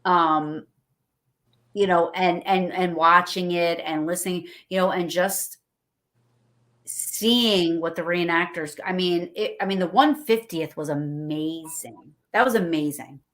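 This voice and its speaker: Woman, lower-pitched, casual livestream guest; excitable, rambling storyteller who acts out quotes. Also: unhurried.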